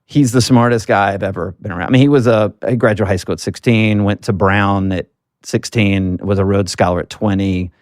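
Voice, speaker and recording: A man from Alabama in the US South, a political marketing guest, tells stories earnestly with frequent fillers in a casual interview. His lowish voice has fairly even intonation and a brisk pace, recorded at studio quality with no echo.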